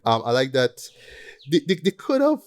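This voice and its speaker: A man hosting a casual movie review chat, animated and repeating himself with tag questions. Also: mid-range voice, moderate pace. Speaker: podcast host.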